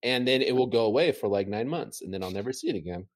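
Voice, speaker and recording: A man chatting casually from home, telling an animated, rambling story full of fillers. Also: mid-range voice, quick pace. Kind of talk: casual chat.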